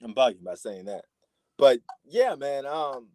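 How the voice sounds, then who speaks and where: A man's voice: mid-range voice, very animated, a little slow, mellow. A man from New York with a New York accent, giving slangy, laid-back live commentary on a boxing match as a stream host. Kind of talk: casual live fight commentary.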